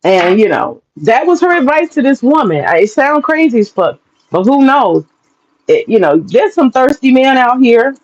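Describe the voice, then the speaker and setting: A woman's voice: high-pitched, sing-song, normal speed, darkish tone, highs cut off. A woman talking frankly and casually to camera, swearing freely and laughing often. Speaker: vlogger. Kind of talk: casual opinion monologue.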